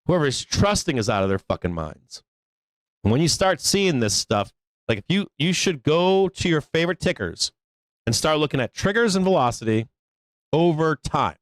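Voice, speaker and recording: A man's voice: on the high side, sing-song, moderate pace, dry recording. A man hosting a live stock market show, talking bluntly and emphatically with lots of swearing in a rambling, casual way. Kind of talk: casual live trading commentary.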